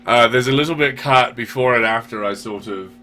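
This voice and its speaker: A man's voice: mid-range voice, fairly quick, pushed and bright. A man hosting a show, answering viewer questions in a rambling, profane, self-deprecating way. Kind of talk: casual chat.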